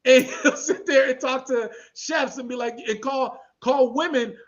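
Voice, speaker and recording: A man hosting a podcast, talking in a casual, animated and slangy way and acting out the people he quotes. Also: very high voice, a little slow, highs cut off. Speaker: podcast host. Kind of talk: casual commentary chat.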